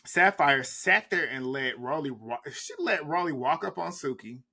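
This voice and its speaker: A man's voice: on the high side, expressive, normal speed, bright, forceful tone, slightly rough. A man, recapping a reality show in casual, blunt, trash-talking commentary.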